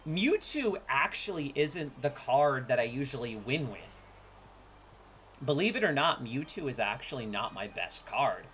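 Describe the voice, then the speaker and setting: A man in his thirties talking casually to his stream while opening card packs. He swings between boastful, loud trash-talk and low, laid-back asides. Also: expressive, normal speed, a little hiss or hum.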